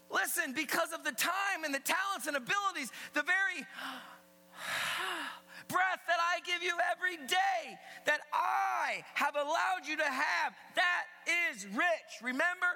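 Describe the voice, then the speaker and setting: A man preaching as God, insistent and commanding, voice pushed high and very bright, loud emphatic lines ringing through a hall with a long echo. A faint mains hum sits underneath. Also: full character voice. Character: God speaking to people, male, insistent and commanding.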